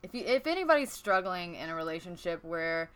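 A woman's voice: lowish voice, sing-song, a little fast, fairly bright tone, clean tone. A woman co-hosting a podcast, talking earnestly and giving direct advice. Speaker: podcast co-host. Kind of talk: casual chat.

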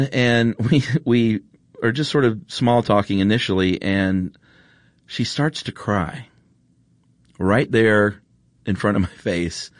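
Low-voiced earnest male podcast host. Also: dry recording, clean studio sound. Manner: earnest, rambling with fillers and restarts. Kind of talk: casual storytelling monologue. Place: podcast studio. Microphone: studio mic.

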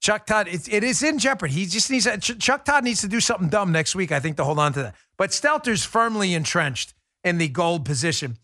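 A brash New man hosts his commentary show, firing off jokes in a fast, animated voice. His voice sits high for a man and rings bright. The sound is dry and close, with no room around it. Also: dry recording. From New York. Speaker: podcast host.

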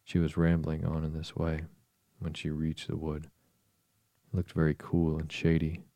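Very deep-voiced male storyteller. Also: moderate pace, no room sound. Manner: steady, even storytelling. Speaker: narrator. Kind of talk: storybook reading.

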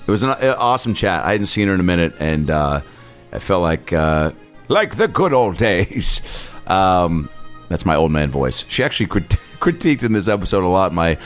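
A man with a fairly low voice opens his podcast in a loose, rambling way, full of uhs and ums. He jokes and swears casually as he runs through the plugs. Faint music plays softly underneath him. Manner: loose and chatty, lots of uh and um fillers. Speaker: podcast host.

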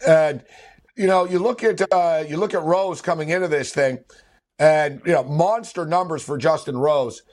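A man's voice: a little high, normal speed, darkish tone. Rambling man co-hosting sports talk. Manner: rambling, filler-heavy, laughs often. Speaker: sports podcast co-host.

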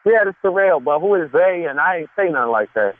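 High voiced guy on a crappy phone line, heated and defensive, loud factory racket. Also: lively intonation, fairly quick, a little hiss or hum. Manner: indignant, defensive, swearing. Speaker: prank call target at work. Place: factory floor.

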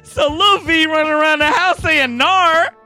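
A man's voice: a little high, normal speed, bright, forceful tone, faint music behind. A man co-hosting a podcast, chatting casually and telling a story with lots of laughter and swearing. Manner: laughing storyteller, profane and playful. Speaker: podcast co-host. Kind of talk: casual chat.

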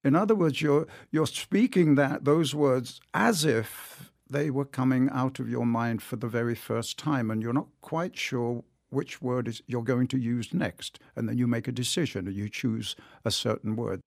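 A man speaks in an interview with eager enthusiasm and tells his stories in an animated way. His voice has a gravelly edge, and the sound is dry and close. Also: medium pitch, normal speed, hardly any pauses, dry recording. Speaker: audiobook narrator, guest. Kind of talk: interview conversation.

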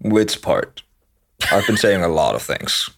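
A man's voice: on the low side, lively intonation, measured pace, fairly bright tone. A man playing in a tabletop game, playful and rambling as he talks in character. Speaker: player. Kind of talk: tabletop role-play.

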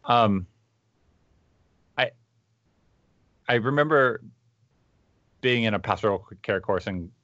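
A man co-hosting a podcast over a video call, musing aloud with many fillers and telling stories in an animated way. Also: lowish voice, slow, long pauses, no echo, lo-fi sound. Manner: thoughtful, animated storytelling with frequent fillers. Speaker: podcast co-host. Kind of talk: casual conversational discussion.

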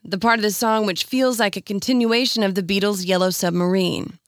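A woman hosting a radio music feature, reading scripted narration in a measured, explanatory storytelling manner. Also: mid-range voice, fairly even intonation, dry recording, clean studio sound. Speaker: radio host.

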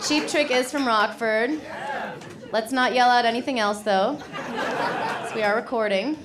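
A woman from Illinois performing a sardonic stand-up set with quick punchlines. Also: fairly high pitch. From Illinois, USA. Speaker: stand-up comedian. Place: comedy club stage with live audience. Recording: live club recording with crowd laughter and noise.

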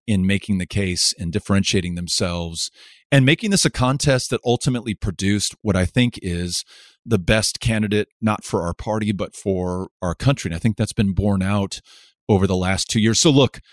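A middle-aged man from West Texas with a lowish voice, talking in an earnest, reflective way in an interview. He restarts his sentences and builds his points in rhythmic, parallel lists. The sound is close and dry, with no room around it. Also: no echo. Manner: earnest, halting with repeated starts, lists in rhythmic parallel phrases. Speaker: interview guest, politician.

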